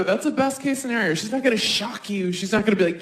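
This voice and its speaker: A woman performing a stand-up comedy set, talking animatedly and slipping into quick voices for other people. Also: medium pitch, a little hiss or hum. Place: live comedy stage. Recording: roomy live stage sound.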